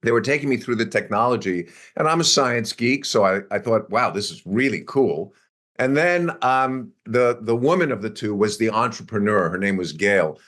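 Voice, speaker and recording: A man's voice: medium pitch, normal speed, hardly any pauses. A man in his sixties, a guest in an interview, telling a story about his career in a conversational way, acting out the quotes and chuckling along. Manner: animated anecdote-telling with acted-out quotes and chuckles. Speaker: interview guest, biotech executive.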